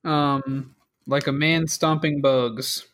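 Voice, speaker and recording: A man narrating a tabletop game as game master, relaxed and full of fillers. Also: mid-range voice, slow pace.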